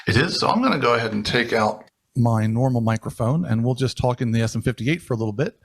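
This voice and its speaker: A man's voice: medium pitch, animated, fast, no echo. A man teaching live sound, casually explaining a mixing console as he talks into a handheld microphone held at varying distances. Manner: casual, rambling with restarts and fillers. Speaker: audio engineer instructor. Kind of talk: live-streamed technical demonstration. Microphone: handheld dynamic mic moved near and far.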